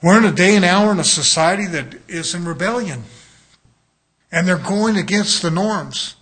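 A man's voice: sits high, normal speed, fairly bright tone. A man preaching a sermon as a pastor, in a conversational way, often acting out the voices of people he quotes.

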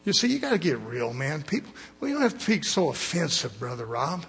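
Middle-aged man, preacher, fiery sermon, husky voice, blunt, folksy. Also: on the high side, huge pitch swings, a little fast, a bit bright. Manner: folksy, blunt, call-and-response.

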